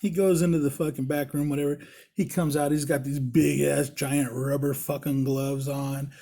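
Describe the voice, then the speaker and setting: Husky man swearing through a story. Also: a little high, little pitch movement, moderate pace. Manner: heavy swearing, laughs while telling; shouts in mock-angry voices for quoted people. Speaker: podcast host. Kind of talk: casual storytelling.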